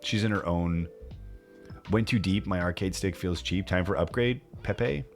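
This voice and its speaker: A man streaming live, chatting casually and animatedly with his viewers and mimicking excited fans. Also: measured pace, soft background music. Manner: animated, laughing, mimics fans in high squeals.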